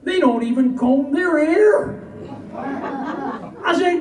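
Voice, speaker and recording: A man's voice: extremely high pitch, extremely slow, a crowd in the background. A man from Southern California reciting a humorous cowboy poem with folksy, dry comic timing. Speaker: cowboy poet. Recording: echoey, distant, noisy live recording.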